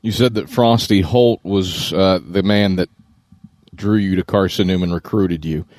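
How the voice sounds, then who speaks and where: Male host, interview questions, measured, deep voice, dry recording. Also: darkish tone, no echo.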